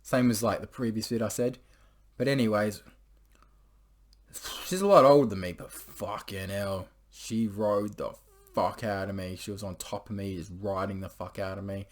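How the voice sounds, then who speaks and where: A man's voice: lowish voice, fairly even intonation, moderate pace. A young man casually telling a story to camera, rambling and crude, full of swearing and filler words. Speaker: vlogger.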